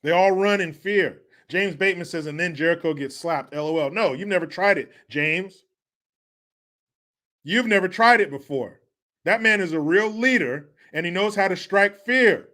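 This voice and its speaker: Guy with a highish voice ranting and cursing, mocking bits over and over. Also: moderate pace, pushed and bright. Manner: riffing, mocking, repeats catchphrases. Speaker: commentary show host. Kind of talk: profane comedic rant.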